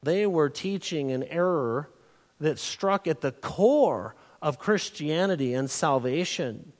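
A man preaching a sermon, emphatic, slowing down and lifting his voice to stress key words. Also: a little high, animated, in a large hall. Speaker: pastor.

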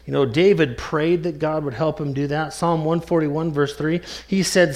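A man preaching a sermon, earnest and emphatic, slowing down to stress key words. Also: a little high, steady tone, darkish tone. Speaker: pastor.

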